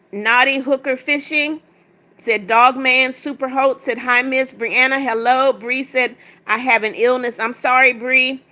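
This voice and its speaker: A woman's voice: high voice, sharp tone. A woman hosting a casual livestream, reading viewer comments aloud and answering them in a blunt, sassy way. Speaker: livestream host reading chat.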